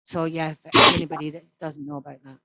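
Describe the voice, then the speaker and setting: A woman's voice: low voice, flat delivery, fast, pushed and bright. A Scottish woman in her sixties, an interview guest who talks bluntly and swears freely, as if ranting in casual chat. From Scotland.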